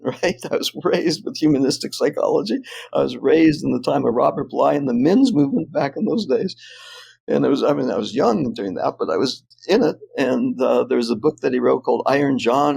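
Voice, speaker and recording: An older man tells a personal story in a gravelly voice, with mid-range pitch. He speaks in an animated, anecdotal way and laughs often. He is a guest on an interview show. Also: slight background noise. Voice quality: animated, laughs often while telling stories.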